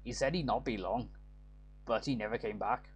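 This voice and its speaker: A man voicing a harsh, gruff older male dwarf guardian in a mock Celtic brogue, stern and scolding. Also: on the low side, normal speed. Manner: stern, scolding, then pleading.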